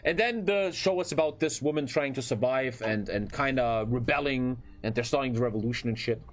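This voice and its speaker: A man's voice: mid-range voice, brisk, slight background noise. A young man streaming a strategy game, chatting loosely to his viewers in a rambling, profane way. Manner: rambling, profane, with filler phrases. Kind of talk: casual livestream chat while gaming.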